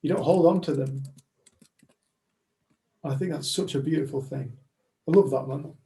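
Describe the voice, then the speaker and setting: Gravelly, mellow man. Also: fairly high pitch, moderate pace. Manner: reflective and affirming. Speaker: community group member. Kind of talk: casual group chat.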